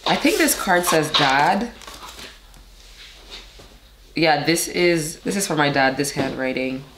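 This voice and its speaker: A young woman from Montreal with a slightly hoarse voice, chatting casually to camera in a rambling, filler-heavy way. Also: deep voice, animated, slow pace. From Montreal, Canada. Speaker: vlogger. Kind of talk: casual vlog chat to camera. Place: indoors at home. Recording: echoey room with noise.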